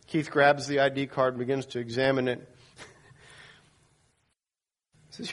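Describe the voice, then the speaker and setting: A male pastor preaching a sermon, telling a dramatic story and acting out the quoted people. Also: brisk. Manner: storytelling, voices quoted people with rising pitch.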